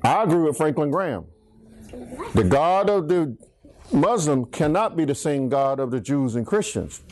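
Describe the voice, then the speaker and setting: High-voiced preacher calling out to his flock. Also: expressive, normal speed, a little mellow. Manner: preachy, swings pitch, asks congregation to finish lines. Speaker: pastor. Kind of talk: call-and-response Bible teaching.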